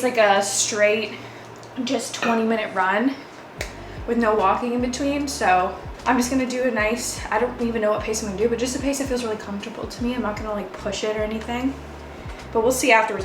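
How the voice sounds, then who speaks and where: A young woman chats upbeat to her camera with a slightly high voice, dropping "like" into nearly every sentence. The room around her gives an echoey ring, and soft music plays faintly underneath. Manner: chatty and upbeat, with frequent "like" fillers. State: out of breath after running. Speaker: lifestyle vlogger. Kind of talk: casual vlog chat. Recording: roomy echo, faint music behind.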